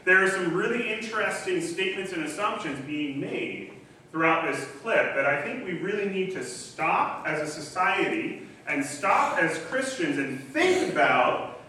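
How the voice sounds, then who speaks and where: A fairly high, bright and forceful male voice belongs to a pastor giving a relaxed sermon in a church sanctuary. He's casual and chatty, loosely phrased with plenty of ums and false starts. Recorded from afar in a very echoey hall, the audio carries a faint hiss.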